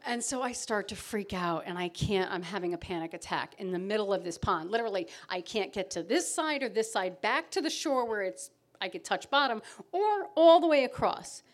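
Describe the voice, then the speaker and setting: A woman's voice: mid-range voice, animated, moderate pace. A middle-aged woman telling a self-mocking story live on stage before an audience, acting out her own panic.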